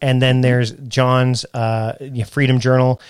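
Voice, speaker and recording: A man's voice: mid-range voice, little pitch movement, a little slow, smooth, no echo, studio quality. A man hosting a podcast interview, talking in a chatty, rambling way with frequent laughs. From Canada. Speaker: podcast host. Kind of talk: casual interview chat.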